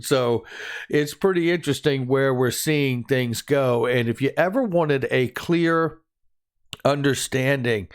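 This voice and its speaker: A man's voice: medium pitch, clean tone. A man runs through the day's crypto headlines in a loose, conversational way. He is upbeat and enthusiastic, tossing in jokes and laughing at his own quips as he goes. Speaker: crypto news channel host. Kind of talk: casual crypto news commentary.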